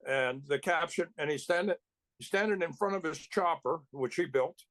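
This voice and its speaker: A man's voice: on the high side, normal speed, fairly bright tone, dry recording. A male actor telling rambling anecdotes in casual chat, with restarts and chuckles. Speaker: actor guest.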